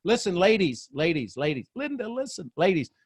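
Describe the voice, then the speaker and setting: A man leads a motivational group call over a video link, goofy and animated, doubling up his words as he goes. His voice sits somewhat high for a man. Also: normal speed, slightly rough. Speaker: mentor and host of a group call.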